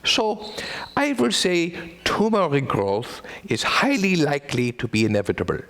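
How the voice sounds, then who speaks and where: A man voicing a charming male neurologist with an Austrian German accent, speaking slowly and deliberately. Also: fairly high pitch, wildly swooping pitch, creaky, fairly bright tone, pitched above the performer's own voice, heavily acted. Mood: measured.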